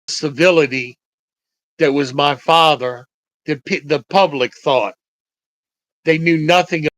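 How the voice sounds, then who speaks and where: An older man slowly recounting personal memories, halting and reflective, with frequent pauses. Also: mid-range voice, a bit bright, no room sound, rough recording. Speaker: storyteller. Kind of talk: personal storytelling.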